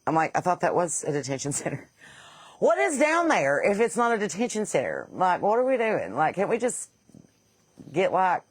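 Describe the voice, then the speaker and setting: A woman's voice: fairly low pitch, huge pitch swings, moderate pace, slightly rough, no echo. A woman podcast host with a Southern accent, blunt and sarcastic in casual comedic talk, laughing at her own jokes and a bit stuffy from sinus trouble.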